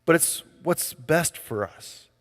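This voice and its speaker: A man's voice: a little high, lively intonation, takes it slowly, a bit bright. Casual, chatty man preaching in a reverberant hall. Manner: casual, conversational preaching full of fillers. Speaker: pastor. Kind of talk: sermon.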